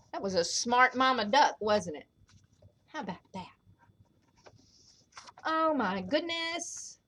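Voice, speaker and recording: A woman librarian reading a picture book aloud to children at storytime, expressive and animated. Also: fairly high pitch, slow pace, pauses often.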